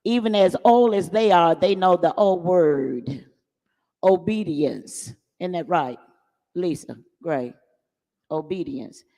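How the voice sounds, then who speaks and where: An older man leading a young crowd in call-and-response, alternating loud chants with hushed instructions. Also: high-pitched, takes it slowly. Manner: commanding, shouts chants then hushes the crowd. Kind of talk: call-and-response rally speech. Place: large church hall. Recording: echoey church hall with crowd.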